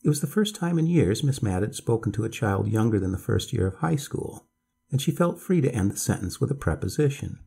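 Deep mellow guy reading a bedtime story, calm and measured. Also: gravelly, breathy edge. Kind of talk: scripted bedtime story narration.

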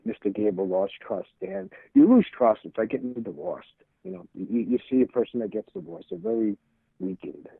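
A man's voice: mid-range voice, sing-song, moderate pace, creaky, slightly rough, no echo. A man, telling stories as a podcast guest, rambling and restarting phrases as he acts out old conversations. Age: 60s. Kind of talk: casual storytelling interview. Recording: tinny phone-like line, dry.

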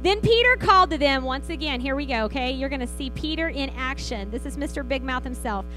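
A woman's voice: high-pitched, lively intonation, brisk, bright, forceful tone, soft background music, poor audio. A woman pastor, preaching a sermon in a church and telling the story with acted-out quotes. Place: church sanctuary.

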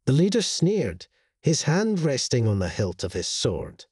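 Male horror storyteller, very husky and breathy, slow and deliberate, dry close recording. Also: medium pitch, huge pitch swings, a little mellow, dry recording. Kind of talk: dramatic horror narration.

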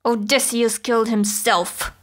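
A woman's voice: a little high, fairly even intonation, unhurried, lightly acted. A woman voicing a proud, wrathful goddess who speaks in a cold, imperious, biting way.

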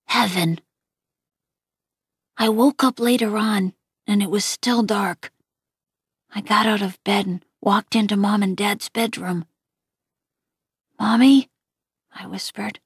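Slow, husky woman reading a novel quietly. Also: medium pitch, steady tone, no room sound, studio quality. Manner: quiet, gentle, often near a whisper. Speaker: audiobook reader. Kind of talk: first-person novel reading.

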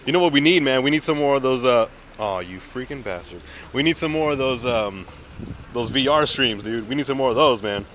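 Calling everybody dude and man, a young man chats in a hyped, slangy way with viewers while live-streaming a mobile game outdoors on a city street. His mid-range voice is a bit bright, and a little hiss or hum runs under the audio.

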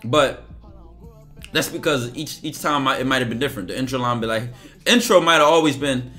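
A man's voice: mid-range voice, brisk, sharp tone, soft background music. A man talking casually and emphatically on a livestream, acting out bits of dialogue as he goes. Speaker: streamer. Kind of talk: livestream monologue.

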